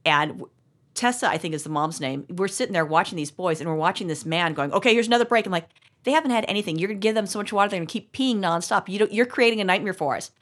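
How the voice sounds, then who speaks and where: A woman's voice: lowish voice, animated, quick pace, a bit bright. A woman co-hosting a podcast, telling rambling, profane stories in casual chat with frequent restarts. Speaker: podcast co-host.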